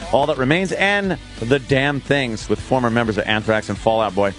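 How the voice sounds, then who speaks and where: A man's voice: medium pitch, normal speed, a bit bright, soft background music. Brash male radio host. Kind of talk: live ad read and banter.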